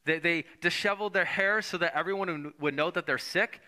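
A man's voice: high voice, a little fast, sharp tone. A man preaching a conversational sermon, sometimes acting out voices of the people in the story. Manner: conversational, acts out voices of the Bible figures. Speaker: pastor.

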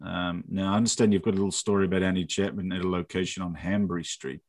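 A woman interviewer asking calm, measured questions in a conversational tone. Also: a bass voice.

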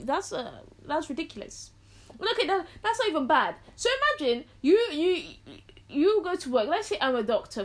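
A high-voiced teenage girl chats alone as a podcast host. Her pitch leaps around as she jokes and acts out quotes from family. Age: teens. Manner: animated, jokey, acts out quotes. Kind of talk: casual solo chat.

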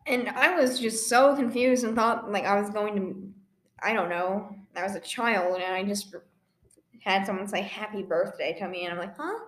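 A woman's voice: medium pitch, moderate pace, a bit bright. A young woman co-hosting a casual podcast, telling rambling stories and acting out quoted lines. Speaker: podcast co-host. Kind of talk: casual chat. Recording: echoey room.

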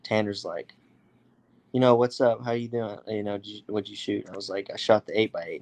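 A young American man, appearing as a guest, tells a story casually and with animation at normal speed. His slightly low voice shifts into other people's voices for quoted lines, and his loose delivery is full of fillers.

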